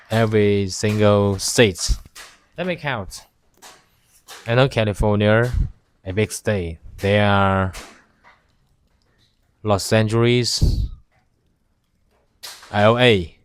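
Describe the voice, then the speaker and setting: A man from China speaks slowly and haltingly in English, his first language Chinese, as he chats to the camera. His voice sits low and he pauses often to search for words. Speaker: vlogger. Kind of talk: casual talk to camera. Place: outdoors by a campfire.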